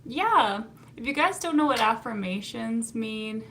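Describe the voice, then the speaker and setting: A woman's voice: a little high, expressive, measured pace, fairly bright tone, slight background noise. A young adult woman, a psychotherapist, chatting casually on a live stream, reading viewer comments and laughing often. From Canada.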